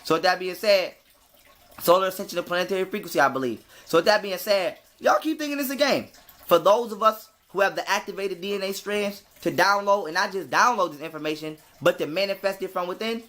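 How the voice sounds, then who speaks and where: A man with speech preaches a spiritual monologue to his viewers. His voice is bright and forceful, and he drives his points home with swearing and repeated stock phrases. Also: high-pitched, a little fast. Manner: emphatic, profane, repetitive "so with that being said". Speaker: spiritual video host.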